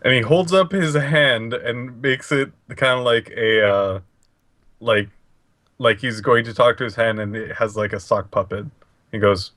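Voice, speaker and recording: A man's voice: mid-range voice, measured pace, a bit bright, no echo, clean studio sound. A man playing a tabletop game, describing his moves in a rambling way full of fillers. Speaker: player. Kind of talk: casual chat at a tabletop game.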